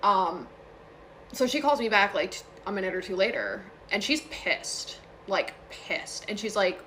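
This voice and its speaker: A woman's voice: medium pitch, animated, fairly quick, sharp tone, slight background noise. A young woman casually telling a true ghost story to her phone, chatty and full of fillers and asides.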